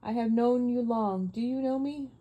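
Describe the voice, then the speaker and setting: A woman's voice: fairly high pitch, moderate pace, warm tone, lightly acted, poor audio. A woman voicing a noble, solemn male lion king in a grave, commanding way.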